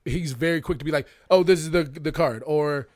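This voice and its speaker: A young man co-hosting a casual movie podcast, animated and swearing freely as he acts out little rants. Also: on the high side, fairly quick, dry recording, clean studio sound. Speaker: podcast co-host.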